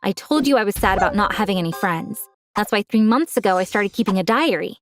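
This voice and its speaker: A woman's voice: mid-range voice, expressive, quick pace, soft background music. A young woman telling a dramatic first-person story, gasping now and then for effect.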